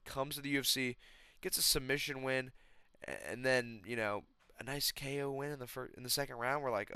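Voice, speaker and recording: Excitable young man, bright crisp voice. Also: medium pitch, quick pace, no room sound, studio quality. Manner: excitable, rambling, says "bro" constantly, swears. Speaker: MMA predictions host. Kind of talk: casual fight-prediction chat.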